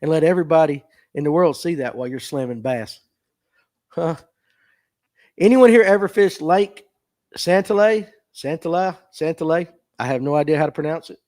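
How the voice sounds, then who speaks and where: A man's voice: on the high side, a little fast, darkish tone. A man with a Southern US accent hosting a casual livestream podcast, folksy and self-deprecating as he reads viewer comments. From Southern United States. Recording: phone mic.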